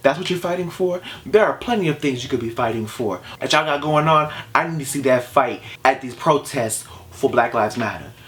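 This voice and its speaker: A man's voice: medium pitch, lively intonation, normal speed, hardly any pauses, a bit bright. Passionate man in a vlog rant. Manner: passionate, exasperated, lots of rhetorical questions. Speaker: vlogger.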